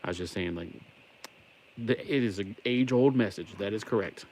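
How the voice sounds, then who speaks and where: A man's voice: on the low side, normal speed, a little mellow. A man with a mild Southern American accent chatting casually as he builds a toy set on a livestream, rambling and making wordplay jokes. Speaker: livestream host. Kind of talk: casual live building chat.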